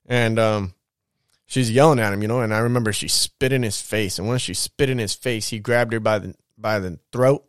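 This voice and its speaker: Rambling smooth-voiced man, dry close sound. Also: mid-range voice, a little fast, no echo. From Southern California. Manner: rambling, loose slang with many fillers. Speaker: podcast host telling his life story. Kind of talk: casual storytelling.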